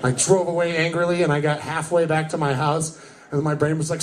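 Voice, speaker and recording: Young guy doing standup at a club, kinda high voice, lively storytelling, loud crowd noise and laughs behind. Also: brisk. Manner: energetic storytelling, bursts into shouted character voices. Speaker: stand-up comedian. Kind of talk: stand-up comedy set. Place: live comedy club with audience. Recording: noisy live club recording. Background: audience laughter.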